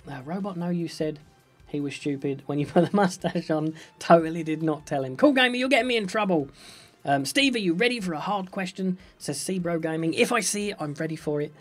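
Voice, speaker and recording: A young man streaming a building game live, chatting playfully with viewers and reading out their questions. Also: a little high. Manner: playful, upbeat, chatty, jokey. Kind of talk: live gameplay commentary, reading chat.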